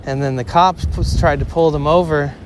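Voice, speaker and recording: A young man with a slightly high voice tells a story to his live stream, rambling along with lots of "like" and the odd curse word. He sounds like he's out on a city street, with clear outdoor noise around him. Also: steady tone, normal speed. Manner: rambling, full of "like" fillers, swearing, laughing. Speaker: IRL streamer.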